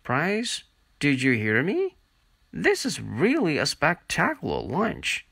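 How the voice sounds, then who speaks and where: A man's voice: fairly high pitch, wildly swooping pitch, takes it slowly, vocal fry, sharp tone, breathy edge, no room sound, heavily acted. Guy doing a mocking teen girl from a storybook, bouncy sing-song voice, dry close sound. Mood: teasing. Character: chatty teenage girl, teasing. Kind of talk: audiobook reading.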